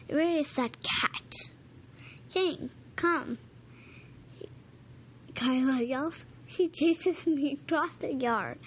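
Slow, high-voiced woman reading a storybook. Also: muffled recording, slight background noise. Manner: slow, clear, first-person dog narration. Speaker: storybook reader. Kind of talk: reading a children's story aloud.

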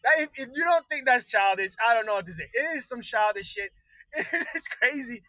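A man with a very high, piercing voice rants on his own livestream, swearing freely and laughing between his jabs. The sound is close and completely dry, with no room around it. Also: expressive, fairly quick, bright, forceful tone, no room sound, rough recording. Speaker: livestream host. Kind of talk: profane political rant.

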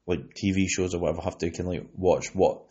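Brief: young Scottish guy, low voice, rambly podcast host, muffled recording. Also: quick pace, mellow, breathy edge. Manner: rambling, with many "you know what I mean" fillers. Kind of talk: casual chat.

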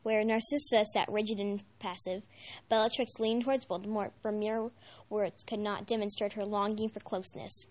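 A woman narrating a novel aloud in an amateur reading, measured, with occasional slips and restarts. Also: medium pitch, fairly even intonation, darkish tone. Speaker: audiobook reader.

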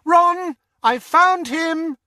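A man's voice: a little high, wildly swooping pitch, normal speed, a bit bright, husky, no echo, clean studio sound, pitched above the performer's own voice, exaggerated voice. A man voicing an anxious, bossy teenage witch girl who talks in a breathless, urgent way. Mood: alarmed.

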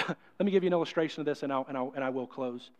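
A man's voice: mid-range voice, very fast, a little mellow. A male pastor preaching a sermon in a conversational, storytelling way.

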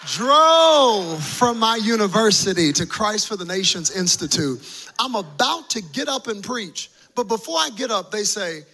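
Pastor from the US, thirties, bright husky voice, animated comic sermon storyteller. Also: male voice, high voice, unhurried. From United States. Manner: animated, comic storytelling with playful voice-acting of himself. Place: church service before a live congregation.

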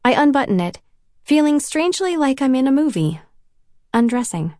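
An audiobook narrator reads a first-person novel, giving the character a self-conscious, wry inner voice. She has a high, very animated and warm voice at a moderate pace, recorded dry with clean studio sound.

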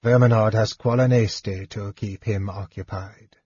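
A man's voice: lowish voice, fairly even intonation, moderate pace, dark tone, husky, dry recording, lo-fi sound. A man voicing a scheming, irritable dragon in human form in an audiobook, snarling and impatient.

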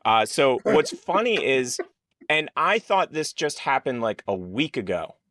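A man's voice: mid-range voice, big pitch swings, unhurried, fairly bright tone, no room sound, clean studio sound. A man co-hosting a live-streamed podcast, telling rambling, jokey stories full of fillers in casual chat. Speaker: podcast co-host.

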